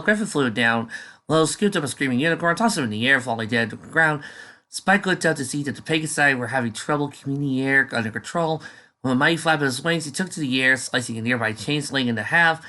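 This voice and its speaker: A man's voice: mid-range voice, fast, sharp tone. A man casually reading a fan story aloud, dropping offhand asides between passages. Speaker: fanfiction reader.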